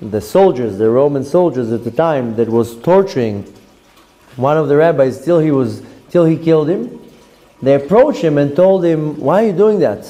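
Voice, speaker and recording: A rabbi tells a Torah story. His voice sits a bit high for a man, with a dark, mellow tone. He acts out what each figure says. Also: animated, moderate pace. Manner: storytelling, acting out characters' lines. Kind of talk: Torah lesson told as a story.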